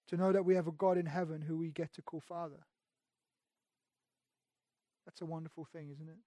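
A man delivers a sermon in a fairly high voice. He swings between raised, emphatic lines and soft, intimate passages, often repeating or restarting his words. The sound is dry and close, with no room echo. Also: fairly even intonation, a little fast, pauses often. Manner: preaching with dramatic swings between loud emphasis and hushed intimacy. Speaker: pastor.

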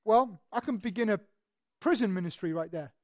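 A preacher works through a passage in an easy, conversational way, asking rhetorical questions and telling the story with animation. The voice sits at a middle pitch. The room is dry and close. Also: lively intonation, fairly quick, dry recording. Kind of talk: expository sermon.

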